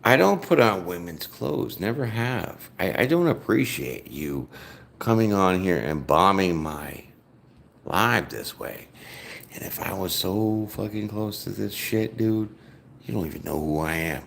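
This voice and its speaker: A man hosting a live tarot stream, speaking slowly in a gravelly voice with a lot of rise and fall. He talks to viewers casually and swears freely. His voice carries the echo of the room. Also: lowish voice, lively intonation, a bit bright. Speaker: tarot reader.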